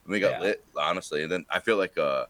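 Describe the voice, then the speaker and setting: A man's voice: low voice, fast, a bit bright, dry recording. A man from Rhode Island, a podcast co-host, telling a profane, rambling story in casual chat.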